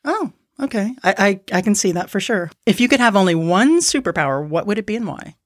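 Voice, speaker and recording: A woman's voice: mid-range voice, animated, brisk, no echo, clean studio sound. A woman hosting a podcast, chatting casually and laughing often. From Miami. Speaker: podcast host. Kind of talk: casual interview chat.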